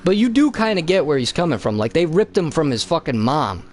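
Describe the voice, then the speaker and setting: Figure: resentful young Jedi apprentice, male, voiced casually by a man. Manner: whiny, profane griping. Pitch: a bit raised. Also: big pitch swings, brisk, a little hiss or hum. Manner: complaining, profane outbursts.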